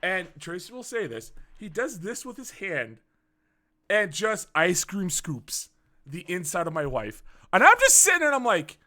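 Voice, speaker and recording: A young man hosting a casual podcast, telling a story in a lively, swearing way and acting out the people in it. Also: high-pitched, normal speed. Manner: animated, swearing storyteller who acts out quotes. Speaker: podcast host.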